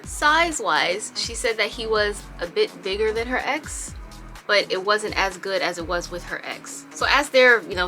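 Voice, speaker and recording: A woman telling a storytime on her home vlog, chatty and animated. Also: medium pitch. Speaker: vlogger.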